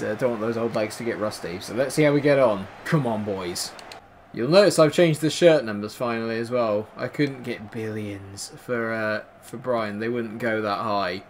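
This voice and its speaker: A gaming commentator casually narrates his own football video game, mumbling quietly through the menus and letting out excited, high-pitched yelps when chances and goals come. There is slight background noise.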